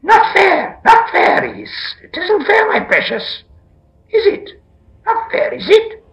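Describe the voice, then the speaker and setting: Gollum, shrieking and hissing. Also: male voice, very high voice, very animated, takes it slowly, creaky, a bit bright, echoey room, pitched above the performer's own voice, exaggerated voice. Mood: whining. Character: shrill hissing slimy cave creature, male.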